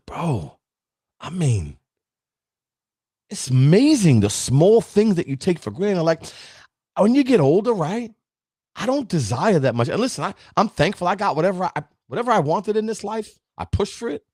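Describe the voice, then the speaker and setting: A man's voice: high voice, very animated, moderate pace, a little mellow, slightly rough, no room sound, clean studio sound. A man, giving an emphatic, preachy motivational talk as a podcast host and speaking straight to his listeners. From Brooklyn, New York. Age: 50s.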